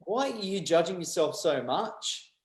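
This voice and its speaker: A man hosting a podcast, talking in a relaxed conversational way and prompting his guest with questions. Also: high voice, measured pace, echoey room, low-quality recording. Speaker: podcast host. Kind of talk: casual podcast chat.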